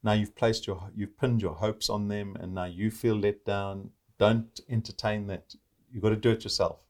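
A man's voice: lowish voice, flat delivery, normal speed, a little mellow. A man hosting an interview. He asks questions and draws out motivational lessons in an earnest way. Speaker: interview host. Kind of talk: casual interview conversation.

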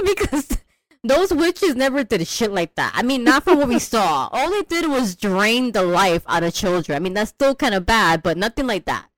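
A woman chatting casually about a film, animated and slangy, often mimicking characters in high voices. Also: no room sound, low-quality recording. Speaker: podcast co-host discussing a film. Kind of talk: casual chat.

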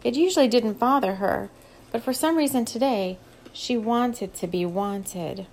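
A woman reading a novel aloud as an audiobook narrator, in a steady, measured storytelling voice. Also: a little high, slight background noise. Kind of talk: scripted narration.

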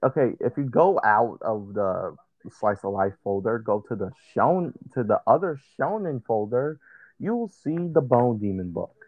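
A man's voice: fairly low pitch, lively intonation, a little slow, no room sound, phone-quality sound. A man chatting casually with his mother and walking her through things step by step, often restarting his sentences. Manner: explains step by step, with frequent restarts. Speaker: son guiding his mother through documents. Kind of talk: casual chat.

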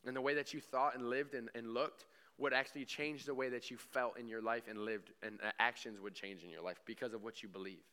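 A young man gives a relaxed sermon to a small church group, circling back on his words and asking whether things make sense. His voice is bright and clean. He keeps the delivery conversational and heartfelt. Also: medium pitch, a little fast, hardly any pauses, smooth. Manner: casual storytelling, many fillers, asks the room questions. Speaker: pastor. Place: church meeting room.

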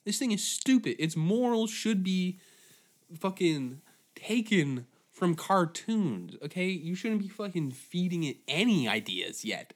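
A man hosting a podcast who rants in a profane, rambling, animated way. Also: high voice, moderate pace. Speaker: podcast host. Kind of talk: comedic rant.

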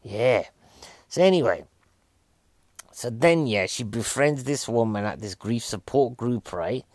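A man in his forties chats casually about a film, rambling from joke to joke and poking fun at himself. His voice sits at a middling pitch and sounds dry and close, with no room sound. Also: lively intonation, unhurried, darkish tone, no echo. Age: 40s. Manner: rambling, jokey, self-mocking. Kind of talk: casual film review chat.

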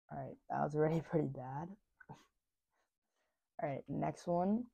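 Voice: medium pitch, normal speed, vocal fry, warm tone, no room sound. A vlog host chatting casually and doing tongue twisters, speech slightly slurred by a dental retainer, stumbling and laughing at the slips.

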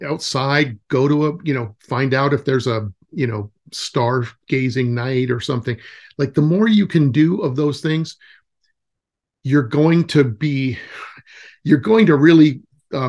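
A man in his forties, a nature camp director, telling stories as a guest in a casual interview, with lots of fillers and restarts. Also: mid-range voice. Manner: rambling storytelling with many fillers and restarts.

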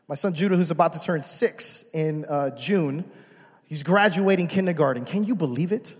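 A young man pastor preaches to his congregation in a fairly high voice. He moves between a hushed prayer tone and loud, driving exhortation. The sound rings with the long reverb of a church hall. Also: moderate pace, breathy edge. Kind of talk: sermon. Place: church sanctuary.

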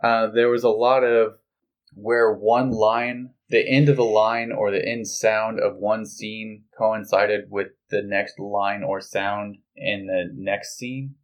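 Low-voiced man in casual podcast chat. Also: flat delivery, slow. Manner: chatty, corrects details, laughs along. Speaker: podcast co-host.

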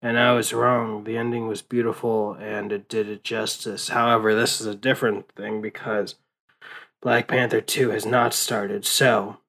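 A man's voice: lowish voice, level tone, moderate pace, gravelly, fairly bright tone, poor audio. A young man rambling in a casual late-night monologue, worn out and swearing often, with many fillers and restarts. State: exhausted. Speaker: vlogger.

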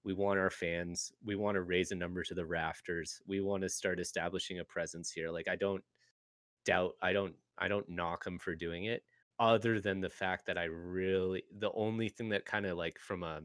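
Man, very low voice, podcast host, casual chat, dry sound. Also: steady tone, normal speed, a bit bright, dry recording. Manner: casual, swears, laughs easily.

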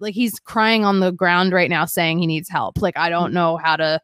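A woman's voice: lowish voice, steady tone, moderate pace, few pauses, a bit bright, clean tone, no echo. A young woman candidly telling a painful personal story as a guest, rambling with lots of "like" and shifting emotion. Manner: rambling, heavy use of "like", emotional.

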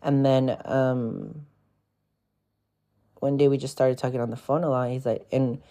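Gravelly-voiced young man telling stories frankly. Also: medium pitch, little pitch movement, a little slow, dark tone. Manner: frank, profane, rambling with many fillers. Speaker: podcast host. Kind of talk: casual confessional storytelling.

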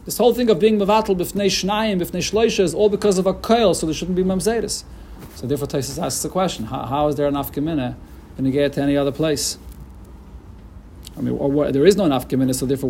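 A man's voice: high voice, a little mellow, slight background noise. A man teaching a Talmud lesson in English mixed with Hebrew and Aramaic terms, explaining with frequent restarts. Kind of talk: Talmud lecture.

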